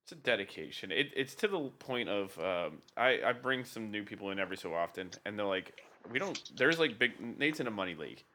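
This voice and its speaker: A man in his twenties with a lowish, bright, forceful voice, talking in a halting, sheepish way. A faint hiss runs under the recording. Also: animated. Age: 20s. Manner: halting, sheepish, restarts often. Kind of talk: casual podcast chat. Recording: faint background noise.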